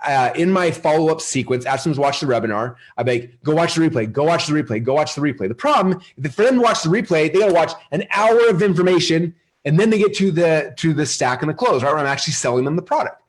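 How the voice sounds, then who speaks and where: An energetic man hosting a live marketing webinar, pitching ideas and checking in with his audience. His voice sits a bit high and slightly husky, and he rattles through points at a rapid clip. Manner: energetic, salesy, asks the audience questions. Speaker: webinar presenter.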